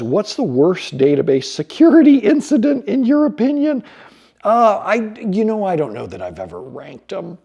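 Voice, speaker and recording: Guy at his home bar answering questions, gravelly low voice, mellow tone, joking and blunt. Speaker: host answering viewer questions. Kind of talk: casual chat.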